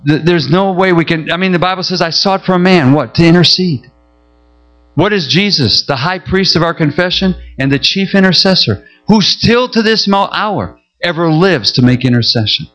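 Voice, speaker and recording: A middle-aged male pastor preaching a sermon, telling a story with animated, emotional pleading. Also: on the high side, normal speed, poor audio.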